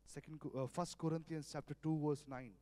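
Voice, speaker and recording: A man preaching a sermon in an earnest, repetitive way, his loudness rising and dropping suddenly. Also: a little high, steady tone, a little fast, no room sound.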